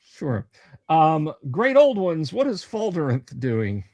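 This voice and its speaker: A man working as dungeon master, describing a scene in a halting way with many pauses and fillers. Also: a little high, wildly swooping pitch, darkish tone, dry recording. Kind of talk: running a tabletop game on a livestream.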